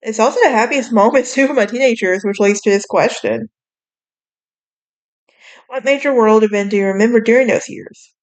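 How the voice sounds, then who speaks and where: A woman's voice: a little high, normal speed, long pauses. A young woman with a Southern US accent hosting a podcast in casual, chatty talk, sassy and bubbly, with lots of fillers. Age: young adult. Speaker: podcast host. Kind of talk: casual chat.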